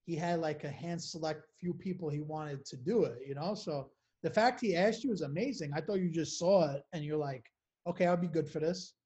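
Her voice is low-pitched and mellow, and she talks fairly quickly. As a podcast host, she poses her questions in a casual, hesitant way, peppered with "like" and "you know."

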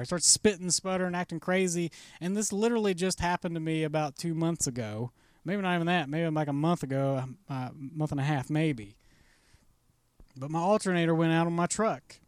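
A pastor tells a story from the pulpit in an easy, conversational way, voicing his own thoughts as he goes. His voice sits high for a man and rings smooth and resonant. The sound is close and dry, with no room around it. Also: no room sound. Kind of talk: storytelling sermon.

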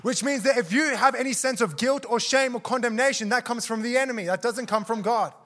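A man with a high voice preaches to a church congregation. He tells a story with lots of energy, acting out the people in it with gasps and laughter. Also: a little fast, a little hiss or hum. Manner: animated, acts out quotes with gasps and laughs. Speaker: guest preacher. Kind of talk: sermon storytelling. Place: church service.

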